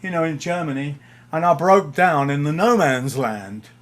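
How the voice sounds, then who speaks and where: An older man voicing a slow, bewildered male roadie inside a told story. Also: a little high, animated, lightly acted. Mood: woeful.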